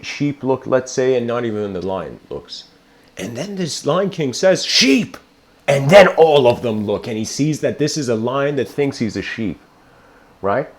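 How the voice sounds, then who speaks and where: A man giving a casual spiritual lecture, telling a story in a rambling, animated way with frequent laughs. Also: medium pitch. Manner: rambling, animated, laughs often, says "you know".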